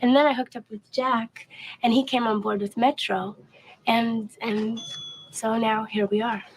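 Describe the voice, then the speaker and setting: A woman's voice: on the high side, steady tone, measured pace, a little hiss or hum, poor audio. A young working woman recounting. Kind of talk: film dialogue.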